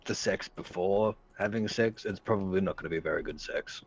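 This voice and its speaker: A man joining a stream as a guest, teasing his friends in a deadpan voice over a noisy line with clicks. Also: sits low, fairly quick, dull audio. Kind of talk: casual gaming stream chat.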